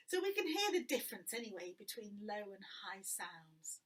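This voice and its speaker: A woman's voice: mid-range voice, big pitch swings, moderate pace, few pauses, fairly bright tone, recorded from a distance. A woman in her fifties teaching a music lesson to young children, playful and encouraging as she talks straight to them. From England.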